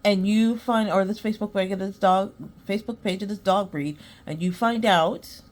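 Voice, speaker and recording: A woman's voice: medium pitch, moderate pace. A woman hosting a podcast, chatting casually and acting out both sides of her conversations, then giving earnest advice. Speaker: podcast host. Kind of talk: casual storytelling monologue.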